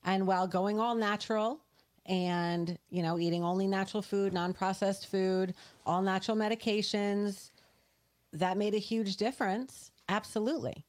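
A woman's voice: mid-range voice, fairly even intonation, normal speed, darkish tone. A woman co-hosting a podcast, earnestly explaining a situation in casual, talkative speech. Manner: earnest, explanatory, talks it through with restarts. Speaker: podcast co-host.

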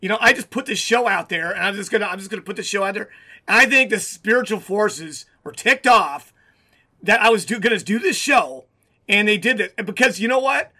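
A man's voice: high-pitched, animated, a little fast, bright, forceful tone. A middle-aged man, a pastor and radio show host, telling a story in casual chat with lots of restarts.

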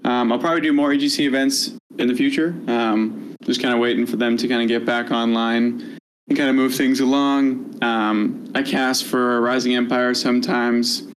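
A young man from New England talks as a podcast guest. His speech is easygoing and full of ums and pauses. A faint hum of noise sits behind his voice. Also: mid-range voice, fairly even intonation, poor audio. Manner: laid-back, lots of ums. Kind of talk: casual chat.

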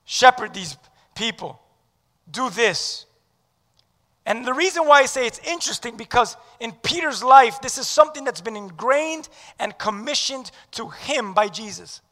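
A male pastor preaching with a high, bright, forceful voice that swings from loud declarations to hushed words. He draws the congregation into call-and-response. His sermon rings out with a long hall reverb. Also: animated, measured pace. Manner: leads the audience in call-and-response.

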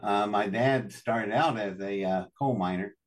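A man's voice: fairly low pitch, a little slow, recorded from a distance. An older man from West Virginia, a show guest telling long folksy stories with chuckles. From West Virginia, USA. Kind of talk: storytelling interview.

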